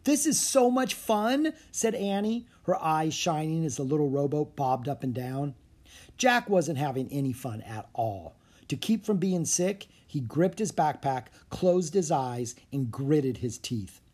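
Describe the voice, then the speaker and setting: An audiobook narrator reading a children's adventure aloud, steady and clear, shifting slightly into each character. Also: medium pitch, a little slow. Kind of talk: storybook read-aloud.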